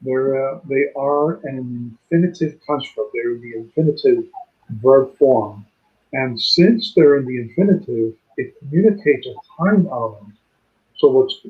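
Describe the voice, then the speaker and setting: A man teaching a Bible study, explaining grammar methodically and slowing down to sound out words. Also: mid-range voice. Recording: tinny phone-line sound.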